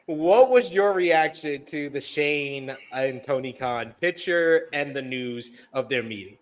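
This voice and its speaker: A man's voice: on the high side, expressive, takes it slowly. A man hosting a casual wrestling review podcast, reading viewer chat messages aloud in a chatty way. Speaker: podcast host. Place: based in the UK.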